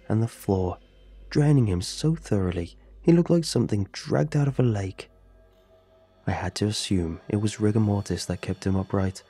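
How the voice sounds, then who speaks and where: Deep, husky horror story narrator. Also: male voice, dark tone.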